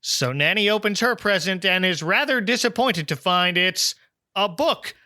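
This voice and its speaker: A man's high, animated voice recapping a cartoon plot in casual chat, sharp and bright in tone. It sounds close and dry, with no room around it. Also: no echo. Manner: lively plot recaps with quick impressions. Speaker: podcast host.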